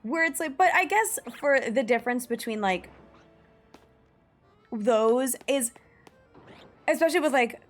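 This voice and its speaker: Faint game music sits behind a young American woman whose high, animated voice moves unhurriedly with long pauses. She's streaming and casually chatting as she plays, rambling eagerly, leaning on "like" and dropping the odd curse.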